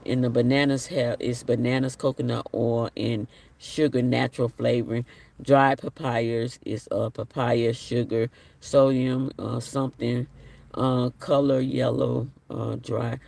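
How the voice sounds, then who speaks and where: A man's voice: medium pitch, flat delivery, unhurried, vocal fry, a little mellow, distant mic. A man hosting a casual live stream, chatting and reading viewer comments aloud with an apologetic manner. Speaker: livestream host.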